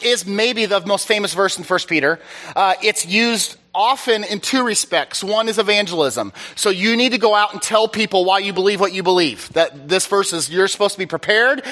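A man preaching in a relaxed, chatty way, with a fairly high voice for a man. His tone is bright and forward, and he jokes at his own expense while checking in with his listeners. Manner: chatty, self-deprecating, keeps checking in with "all right?". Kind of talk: conversational teaching sermon. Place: church service.

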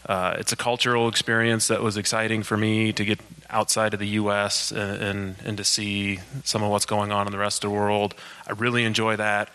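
Man, church mission talk, lowish pitch, flat steady delivery. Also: brisk, few pauses, smooth. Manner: self-described monotone, steady, uses uh. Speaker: church mission team member.

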